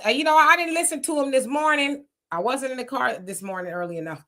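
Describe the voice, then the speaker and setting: A woman's voice: a little high, expressive, normal speed, fairly bright tone. A middle-aged woman hosting a live stream, chatty, laughing often and greeting viewers. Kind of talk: casual live chat reading comments.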